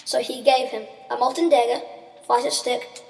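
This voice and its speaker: A woman with a high voice reads a story aloud in plain narration. The room is echoey and reverberant, with a long tail. Her reading stays steady from line to line. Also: moderate pace, creaky, faint music behind. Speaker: story reader.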